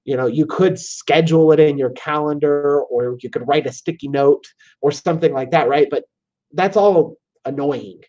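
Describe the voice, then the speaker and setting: A man with a Southern American accent walking viewers through a software tool in a casual screen-share tutorial, often checking in with "okay?". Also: fairly high pitch, normal speed. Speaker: software demo presenter. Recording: slightly dull lo-fi audio.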